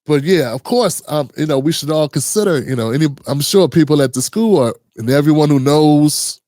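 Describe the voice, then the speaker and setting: A man's voice: fairly high pitch, animated, brisk, mellow, dry recording, studio quality. A man hosting a commentary channel, talking casually and earnestly with many restarts and rhetorical questions.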